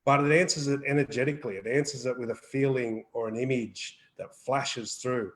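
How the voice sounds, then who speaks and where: A man's voice: mid-range voice, fairly even intonation, a little fast, poor audio. A man co-hosting a live wellbeing Q&A, talking earnestly in a rambling way, repeating words and swearing casually. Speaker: wellbeing co-host. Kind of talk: live Q&A chat.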